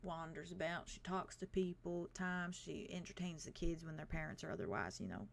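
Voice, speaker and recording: A woman's voice: lowish voice, fairly quick, creaky, a crowd in the background. Woman voicing a polite Southern android caretaker. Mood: chatty. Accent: Southern US (put on). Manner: polite, hospitable, rambling. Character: friendly male android hospital caretaker. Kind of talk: tabletop game character voice.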